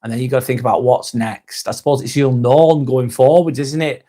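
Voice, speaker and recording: A man's voice: mid-range voice, fairly even intonation, brisk, mellow. A man hosting a casual live vlog, reading viewer comments aloud and chatting back to them.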